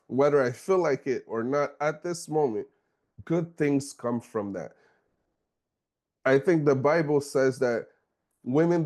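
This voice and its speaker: A middle-aged man talks through his points in a loose, conversational podcast style, with a voice of ordinary pitch. He often pauses on "okay?" and "you know" and lets a chuckle slip in now and then. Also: darkish tone. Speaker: podcast host. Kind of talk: casual discussion.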